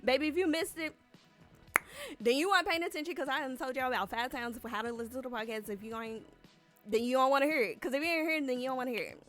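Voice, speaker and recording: A woman's voice: high voice, quick pace, fairly bright tone, faint music behind, voice pushed up. A woman putting on the voice of a sassy, brash young woman who scolds her listeners in drawling slang. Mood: scolding.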